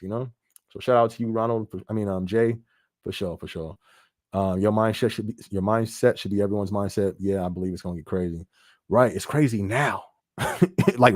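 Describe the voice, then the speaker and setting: Man, casual live-stream host, mid-pitched voice, dry close sound. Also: no room sound. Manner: relaxed, laughs often, reads viewer comments aloud. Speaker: podcast host.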